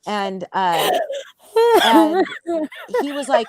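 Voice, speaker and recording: A woman telling a crude anecdote in casual chat, animated, swearing and full of fillers. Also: mid-range voice, slow pace, pauses often, no echo. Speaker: storyteller.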